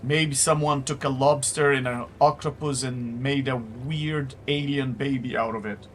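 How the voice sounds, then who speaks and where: A man narrating as game master of a tabletop game, halting and full of fillers. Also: mid-range voice, fairly even intonation, fairly bright tone, a little hiss or hum.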